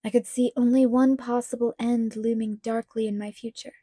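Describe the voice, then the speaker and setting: A woman narrating a novel aloud in a measured, even storytelling manner. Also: on the high side, husky, dry recording, clean studio sound. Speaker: audiobook reader. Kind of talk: scripted narration.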